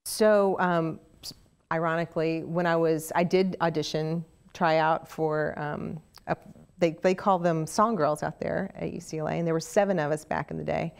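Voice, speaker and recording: A middle-aged woman with a Southern Oklahoma accent tells stories in a relaxed interview. Her voice sits on the lower side, and she talks in an animated, chatty way with frequent restarts and fillers. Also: moderate pace, vocal fry, clean tone. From Oklahoma, USA. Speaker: interview guest, actress. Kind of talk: casual interview storytelling.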